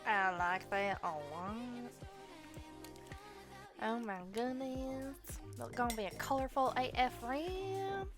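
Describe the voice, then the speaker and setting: A woman's voice: fairly high pitch, animated, slow, music in the background. An American woman streaming while she colors, chatting in a rambling, casual way and swearing now and then. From United States.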